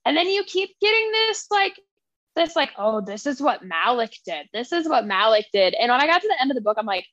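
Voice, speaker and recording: A woman's voice: high voice, big pitch swings, fairly quick, a bit bright, no room sound, dull audio. A young woman co-hosting a podcast, animatedly retelling a story's scenes and laughing often. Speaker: podcast co-host. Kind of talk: casual book chat.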